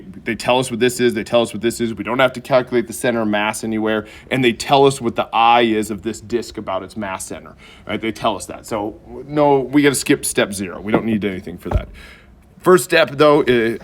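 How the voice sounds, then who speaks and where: Man, middle-aged, engineering lecturer, conversational, self-deprecating humor, medium pitch. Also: brisk, fairly bright tone, a little hiss or hum. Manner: conversational, frequent "right?" check-ins and self-deprecating jokes. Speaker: engineering professor. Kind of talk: classroom lecture. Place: lecture hall.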